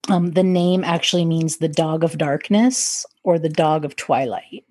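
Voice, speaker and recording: A woman's voice: deep voice, unhurried, darkish tone, dry recording. Chatty woman podcaster, laughs often. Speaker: podcast co-host. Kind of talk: casual chat about folklore.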